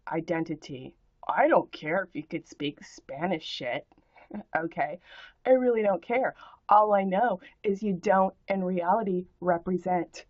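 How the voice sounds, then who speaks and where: A woman rants at an online commenter in an unhurried, drawn-out delivery, spelling words letter by letter and tumbling into rhyming wordplay and swearing. Her voice sits at a middling pitch. The recording is dull and lo-fi, close and dry with no room sound. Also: dry recording. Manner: spells out words and rhymes in playful wordplay, with profanity. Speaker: vlogger answering a commenter. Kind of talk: ranting monologue.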